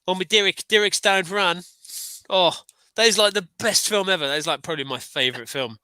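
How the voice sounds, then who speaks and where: Man, casual chat, enthusiastic, rambling, bright forceful voice, dry close sound. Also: high-pitched, brisk, smooth, no echo. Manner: enthusiastic, rambling with many restarts. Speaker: livestream co-host.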